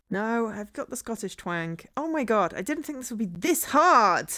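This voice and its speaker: Animated, self-mocking woman streamer. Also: fairly high pitch, moderate pace, hardly any pauses. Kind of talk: casual stream chat.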